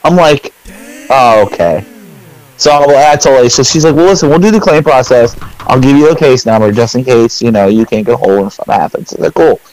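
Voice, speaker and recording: A man's voice: medium pitch, animated, fairly quick, a little mellow, low-quality recording. A middle-aged man, a podcast co-host, telling a long story in casual chat, rambling with fillers and acting out his own lines.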